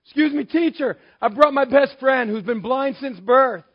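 A man voicing a pushy grown man who interrupts a teacher, loud and eager. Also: very high voice, normal speed, husky, highs cut off, voice pushed up. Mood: urgent pleading.

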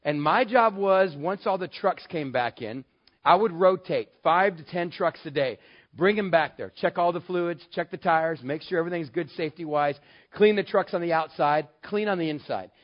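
Lively man telling a story, lo-fi. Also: on the high side, normal speed. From West Texas. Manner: lively, animated, acts out the voices in the dialogue. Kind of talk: personal anecdote told to an audience. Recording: dull, lo-fi sound.

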